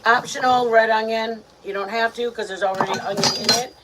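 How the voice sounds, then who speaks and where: A woman from Michigan hosting a casual cooking vlog, chatty and excitable, talking straight to her viewers. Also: on the high side, brisk, background noise. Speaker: home cooking vlogger. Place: home kitchen. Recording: kitchen with loud frying and sizzling.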